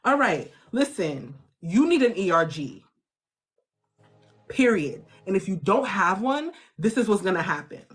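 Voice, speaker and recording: Husky woman coaching with fiery energy. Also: mid-range voice, measured pace. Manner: animated, preachy, slangy and motivational. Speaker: host. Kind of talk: casual coaching chat.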